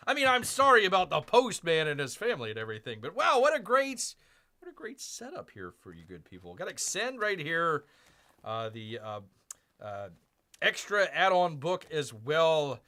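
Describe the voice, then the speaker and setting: A man's voice: a little high, huge pitch swings, normal speed, pushed and bright. A man hosting a casual live stream, rambling and self-mocking as he unboxes comics and reads chat, calling himself Bear.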